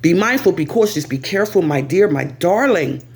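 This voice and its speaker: American woman, vlogger, animated, swooping pitch, talks right to the viewer. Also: moderate pace. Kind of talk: casual commentary to camera.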